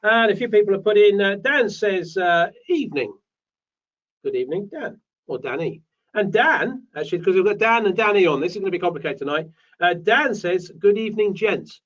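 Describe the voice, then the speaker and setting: A man's voice: sits high, animated, a little fast, a bit bright. A British man hosting a live online property show, chatting and reading out viewers' names. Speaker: host. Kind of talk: live webinar chat. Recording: distant dull mic.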